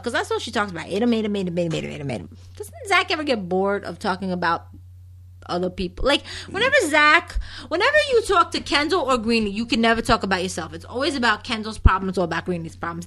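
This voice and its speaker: A woman co-hosting a casual podcast chat, gossiping in an animated way and quoting characters in exaggerated voices. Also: mid-range voice, fast talker. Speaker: podcast co-host. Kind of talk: casual chat recapping a soap opera.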